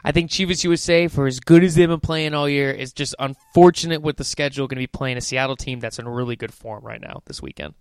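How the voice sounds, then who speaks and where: A man's voice: mid-range voice, fast, few pauses, clear, resonant tone, dry recording, clean studio sound. A man co-hosting a soccer podcast, chatting loosely about matches with plenty of fillers. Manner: relaxed, loose chat with fillers. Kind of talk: casual sports chat.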